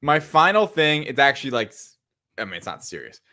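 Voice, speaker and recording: A man's voice: medium pitch, sing-song, a little fast, sharp tone. A man co-hosting a movie podcast, talking in an opinionated, emphatic way. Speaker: podcast co-host. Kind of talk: casual movie chat.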